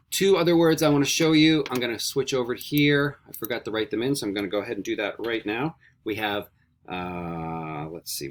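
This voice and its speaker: A man teaching a recorded beginner Spanish lesson, repeating each word slowly three times for students to echo back. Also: on the low side. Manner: slow repetition drills, animated.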